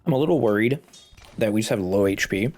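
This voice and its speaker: A man's voice: fairly low pitch, lively intonation, fast talker, darkish tone, faint music behind. A congested man casually commenting on his game as he plays, thinking aloud and chuckling. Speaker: gaming video host.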